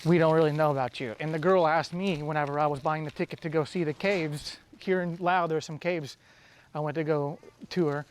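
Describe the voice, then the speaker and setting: Over slight background noise, an American travel vlogger addresses the camera outdoors in a slightly high voice with fairly even intonation and a moderate pace. His casual talk meanders and circles back to fix itself, with light laughs and a bit of breathlessness.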